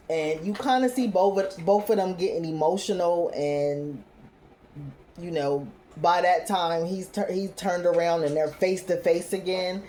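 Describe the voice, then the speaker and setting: A woman talks through a TV episode in a laid-back recap, quoting characters in her own voice. Her voice sits low and sounds mellow and dark. There's a faint hiss of noise behind her. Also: unhurried. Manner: retells scenes loosely, quoting characters, with frequent "you know what I'm saying". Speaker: TV recap host.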